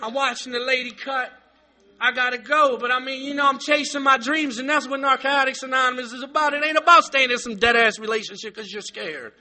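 A man gives an emotional recovery testimony at a meeting, blunt and full of profanity. His voice sits very high and has a tense, piercing edge. He often rises into shouting. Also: fairly quick. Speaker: recovering addict sharing at a meeting.

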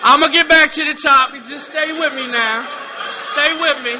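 Brief: middle-aged man, very high voice, profane meeting share that swings from loud to hushed. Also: fairly even intonation, moderate pace, crowd noise, background noise. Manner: profane, swinging from shouting to quiet sincerity. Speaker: speaker sharing at a recovery meeting. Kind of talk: raw comedic testimony. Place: meeting room.

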